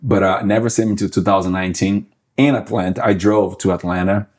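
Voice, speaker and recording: Low-voiced Brazilian man, halting. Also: fairly even intonation, darkish tone. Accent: Brazilian Portuguese. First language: Portuguese. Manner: halting, many fillers and restarts. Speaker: guest musician. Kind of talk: casual interview chat.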